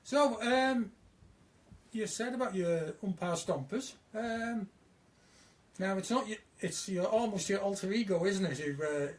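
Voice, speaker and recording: Man, interviewer host, high voice, agreeable, short affirmations. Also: a little slow. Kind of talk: casual interview chat.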